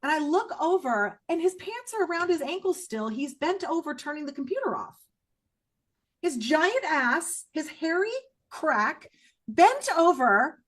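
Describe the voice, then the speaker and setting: A middle-aged woman speaking as a podcast guest, giving emotional personal testimony in a raw, blunt way, her voice swinging from low and hushed to high and loud. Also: very animated, normal speed. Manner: blunt, with strong profanity.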